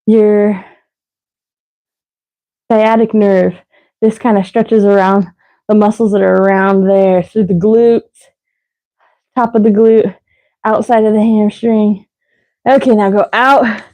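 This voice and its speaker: A woman's voice: mid-range voice, steady tone, slow, pauses often, dark tone, poor audio. A woman leading a live workout as fitness instructor, counting reps and cueing stretches while out of breath. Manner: counting reps, breathy and winded between cues.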